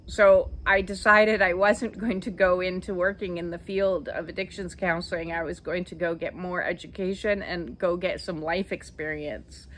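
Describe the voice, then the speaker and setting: A woman in her fifties hosting her own channel, telling her life story in a slow, reflective way with many hesitant "uh" fillers. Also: on the low side, steady tone, fairly bright tone, a little hiss or hum. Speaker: channel host. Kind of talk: personal storytelling monologue.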